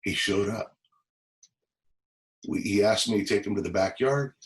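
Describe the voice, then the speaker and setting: A man from Los Angeles, a former police officer, telling an emotional personal story in an interview, halting and repeating words as he goes. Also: fairly low pitch, low-quality recording.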